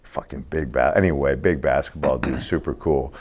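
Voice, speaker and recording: Gravel-deep profane man in his sixties. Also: moderate pace, darkish tone. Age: 60s. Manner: profane, streetwise; acts out the other people in his stories. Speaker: interview guest. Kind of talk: casual storytelling.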